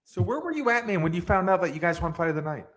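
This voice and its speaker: A man hosting an MMA interview show, introducing his guest with hyped, energetic announcing and then asking questions. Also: high voice, fast talker.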